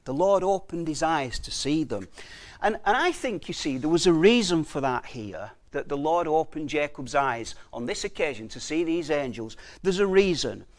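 A man preaching a sermon, reading scripture slowly and asking his listeners rhetorical questions, with frequent restarts. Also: on the high side, lively intonation. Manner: reads scripture slowly and deliberately.

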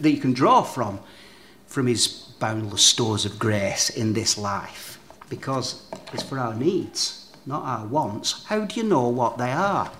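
A man preaching a sermon, leaning on emphatic phrases he repeats and speaking straight to his listeners. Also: mid-range voice. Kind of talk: sermon with object lessons.

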